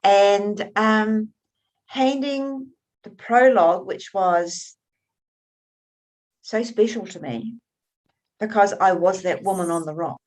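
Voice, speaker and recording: A woman author being interviewed, telling her stories in an animated, expressive way and often restarting her sentences. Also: mid-range voice, slow pace, long pauses. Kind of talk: conversational interview.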